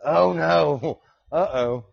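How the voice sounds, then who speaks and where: A man's voice: on the high side, very slow, creaky, muffled recording. A man hosting a casual live podcast from his desk, rambling and joking, swearing casually. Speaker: podcast host. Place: home desk with his dog nearby.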